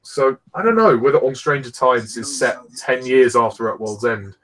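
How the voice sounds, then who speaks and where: A man's voice: medium pitch, lively intonation, normal speed, poor audio. A man giving easygoing film commentary, often hesitating and using fillers.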